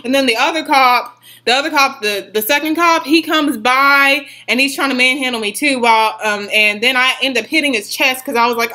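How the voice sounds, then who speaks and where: A young woman telling a story on her vlog, rambling and swearing as she retells it in an animated way. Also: high voice, normal speed. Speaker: vlogger.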